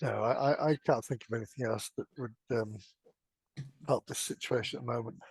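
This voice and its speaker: Hesitant, husky-voiced man player. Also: medium pitch, fairly even intonation, brisk, a little mellow, no room sound. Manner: hesitant, stammering. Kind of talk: casual play talk.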